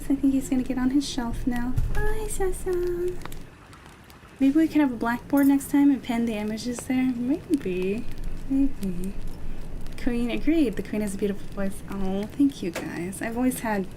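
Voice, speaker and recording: A woman's voice: on the high side, moderate pace, dark tone, slight background noise, low-quality recording. A woman VTuber chatting casually with her viewers between ASMR readings, with laughing asides.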